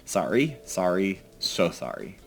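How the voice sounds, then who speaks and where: A man's voice: low voice, very animated, a little slow, vocal fry. A man giving casual, self-mocking commentary while playing a card game, dropping to mutters and jumping to outbursts. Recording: faint music behind.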